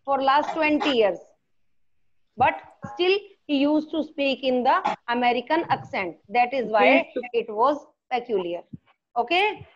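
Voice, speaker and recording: High-voiced Indian woman teaching a class. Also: expressive, highs cut off. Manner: repeats questions, explains slowly, mixes in Hindi. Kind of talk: online class lesson.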